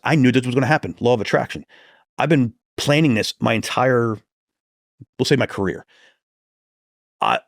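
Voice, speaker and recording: A gravelly-voiced man, a police detective, tells his story in an interview with salty language and animated quoted lines. The sound is dry and close, with no room around it. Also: mid-range voice, no room sound.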